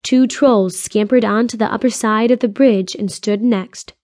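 A woman's voice: a little high, fairly even intonation, a little slow, a little mellow, no echo. Woman narrating a fantasy audiobook, dry. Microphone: close studio mic.

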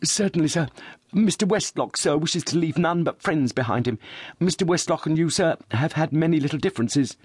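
A man's voice: on the high side, animated, fairly quick, husky, dry recording, clean studio sound, pitched above the performer's own voice. A man doing a timid, stammering clerk. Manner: stammering, deferential. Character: awkward, timid man about thirty.

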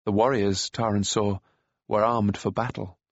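A man reads a children's fantasy novel in a steady storytelling voice. His tone is slightly husky, and the close studio recording is dry and a little dull. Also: on the low side, measured pace, dry recording. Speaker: audiobook narrator. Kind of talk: scripted narration.

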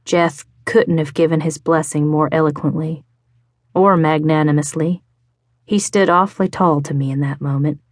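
A woman narrator doing a lanky young man in an audiobook romance, worn down by illness and talking in a quiet, murmuring way. The voice sits low, and it is recorded close and dry with no room sound. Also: fairly even intonation, normal speed, no room sound. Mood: fond. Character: lanky young man, gravely ill, gently teasing.

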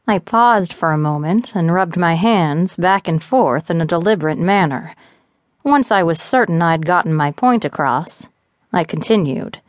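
Woman, audiobook narrator, steady even reading, lowish voice, dry studio sound. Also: moderate pace, no room sound.

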